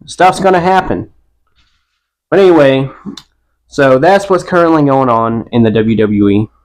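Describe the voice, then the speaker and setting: A man's voice: mid-range voice, a little slow. A man, co-hosting a podcast and telling stories in a laid-back, casual chat. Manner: laid-back storytelling with a Southern "y'all". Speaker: podcast co-host.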